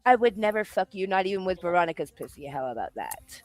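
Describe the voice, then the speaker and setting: A woman hosting a late-night livestream chat, ranting loudly, cursing and laughing as she talks. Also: fairly low pitch, very animated, fast, no echo. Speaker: livestream host. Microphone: home streaming setup.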